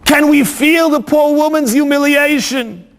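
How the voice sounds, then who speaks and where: A man's voice: extremely high pitch, a little slow. A male rabbi telling a story in a sermon, dramatic and full of rhetorical questions. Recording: long hall reverb.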